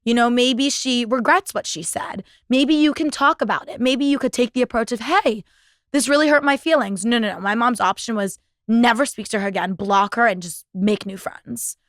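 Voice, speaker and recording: A woman's voice: on the high side, moderate pace, no echo, studio quality. A young woman in her twenties hosting a podcast, telling stories in a chatty, profane way full of filler words. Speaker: podcast host. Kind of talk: casual storytelling monologue.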